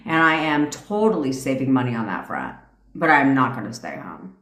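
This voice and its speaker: Profane, laughing female life coach on a live stream; lower voice, echoey room. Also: big pitch swings, quick pace, fairly bright tone. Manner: profane, brash and laughing, tangents and impressions. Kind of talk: casual live-stream rant.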